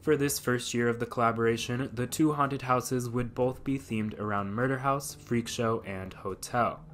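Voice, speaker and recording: A man's voice: medium pitch, fairly even intonation, moderate pace, a bit bright, soft background music. A man narrating a scripted video essay, with dry sarcastic asides.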